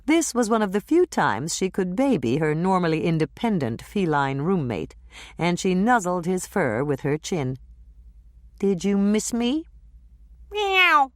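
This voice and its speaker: A woman narrating a cozy mystery audiobook in an animated, expressive storytelling manner. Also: fairly low pitch, moderate pace, no echo, clean studio sound. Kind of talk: scripted narration.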